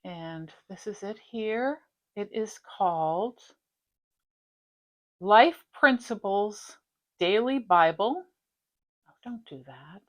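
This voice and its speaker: A woman's voice: medium pitch, lively intonation, slow, pauses often. A middle-aged woman hosting a stitching vlog, chatting casually and rambling from one topic to the next. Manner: chatty, rambling, warm-hearted. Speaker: flosstube host. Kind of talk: casual chat.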